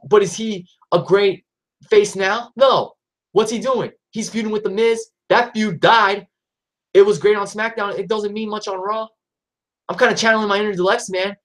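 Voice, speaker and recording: Exasperated young man ranting. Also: high voice. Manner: talks in bursts with restarts, voice jumps up when riled. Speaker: wrestling YouTuber. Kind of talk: ranting vlog commentary.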